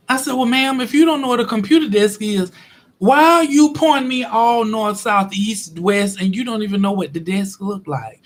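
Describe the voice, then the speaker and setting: A man's voice: sits high, moderate pace. A man hosting his own show, telling an everyday story as a casual, exasperated rant and acting out both sides of the conversation. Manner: animated, exasperated, acts out both sides of dialogue. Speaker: show host.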